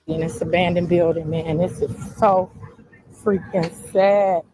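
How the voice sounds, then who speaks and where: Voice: mid-range voice, steady tone, measured pace. Praying, pleading voice on a street livestream. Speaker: livestreamer at a scene. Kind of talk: emotional live stream. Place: outdoors on a city street. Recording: phone livestream with street noise.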